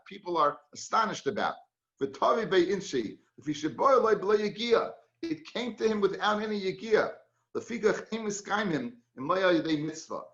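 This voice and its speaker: A man teaches a Talmud class in a chatty, storytelling way, mixing Hebrew and Yiddish words into his English. His voice sits fairly high. The recording sounds dull and lo-fi. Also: a bit bright, roomy sound.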